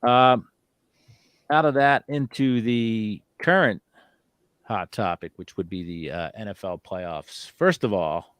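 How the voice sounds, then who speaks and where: A man's voice: fairly low pitch, takes it slowly, fairly bright tone, clean tone, no room sound. A man hosting a live call-in talk show, rambling casually with lots of fillers. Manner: rambling, filler-heavy, easygoing. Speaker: host.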